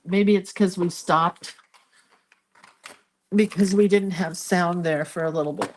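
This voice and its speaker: An older woman chatting casually as she colors, rambling into stories with soft, murmured asides at her art desk. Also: lowish voice, fairly even intonation, a little slow, a little hiss or hum. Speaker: art vlogger. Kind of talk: casual chat while coloring.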